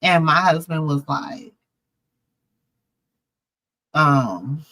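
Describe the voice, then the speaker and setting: A woman's voice: low voice, lively intonation, drawn-out words, a bit bright, no room sound. A middle-aged woman hosting a show, telling a personal story in an emotional, preacherly way and calling listeners baby and y'all. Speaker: show host.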